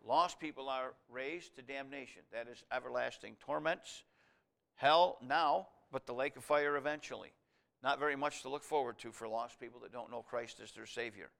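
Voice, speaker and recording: A man preaching a sermon, reading scripture aloud and explaining it verse by verse, rising to loud emphatic passages. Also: mid-range voice, normal speed, creaky. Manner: expository Bible teaching, reads scripture aloud, swells loud on key lines.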